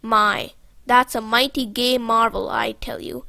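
Lady doing a nervous southern boy, slow and hesitant, raspy edge, dry sound. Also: on the high side, fairly even intonation, pushed and bright, no echo, exaggerated voice, poor audio. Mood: reluctant. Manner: hesitant, drawn-out dialect speech. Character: timid young boy servant with a Southern dialect.

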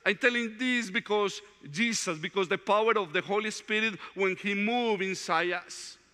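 Guy preaching a testimony in a big hall, high bright voice, long echo. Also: normal speed. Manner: heartfelt storytelling, plain non-native English. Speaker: retreat speaker. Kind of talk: testimony talk.

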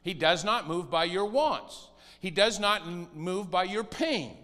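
Speaking a little slowly, a bright, high-voiced pastor preaches with animated rises and falls in pitch, now and then mimicking whiny pleading. The church hall around him adds a long, ringing reverb.

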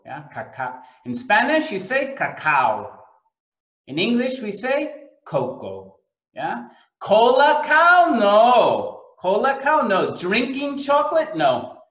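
Man, cooking lesson teacher, very slow, repeats words for learners, echoey room, dull sound. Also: high-pitched, a bit bright. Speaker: English teacher.

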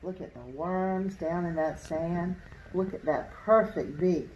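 A woman's voice: lowish voice, slow pace, darkish tone. A woman teacher reading a storybook aloud to children, expressively pointing out things in the pictures as she goes. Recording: roomy echo.

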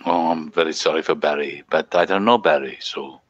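A man's voice: rumbling low, dry recording, lo-fi sound. A man playing a vain, flirtatious romance scammer with a put-on Nigerian accent, on a comedy live stream. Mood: flirty. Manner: slow, smooth, flirty, breaks into laughs. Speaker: co-host.

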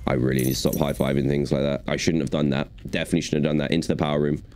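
A man's voice: very deep voice, flat delivery, rapid-fire, darkish tone, slight background noise. A young man giving chatty, playful commentary while playing a video game. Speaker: gaming YouTuber. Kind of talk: gaming commentary.

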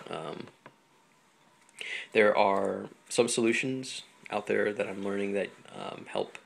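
Gravelly low-voiced man giving a tutorial. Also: slight background noise. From Hawaii. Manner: relaxed, chatty, many ums and small laughs. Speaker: flutist teaching instrument care. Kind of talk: casual home tutorial. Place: home apartment.

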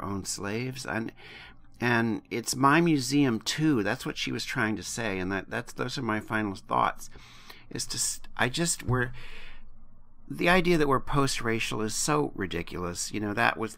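Gravelly, bright-voiced man co-hosting. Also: on the low side. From United States. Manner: impassioned, blunt, swears freely. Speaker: podcast co-host. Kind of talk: casual podcast chat.

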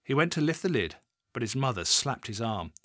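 A man reads a crime novel aloud with expressive, dramatic delivery, his pitch rising and falling in lively swings. His voice sits in a middle register for a man. The recording is close and dry. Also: a little fast, no echo. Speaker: audiobook narrator. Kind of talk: scripted audiobook narration.

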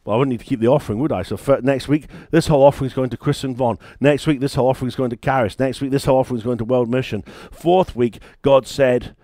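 Emphatic British preacher, dry close sound. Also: male voice, mid-range voice, fairly even intonation, quick pace, hardly any pauses, warm tone, no echo. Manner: conversational, emphatic preaching with storytelling. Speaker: church founder and pastor. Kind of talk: sermon.

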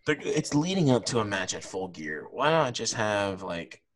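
A man's voice: fairly low pitch, sing-song, moderate pace. A man co-hosting a casual podcast, rambling with lots of fillers. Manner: laid-back, rambling with many fillers. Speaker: podcast co-host. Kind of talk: casual chat.

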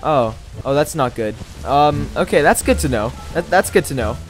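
A man giving excitable let's-play commentary, often breaking into high yelps and laughter. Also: normal speed, over music. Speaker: gaming video creator. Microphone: new microphone.

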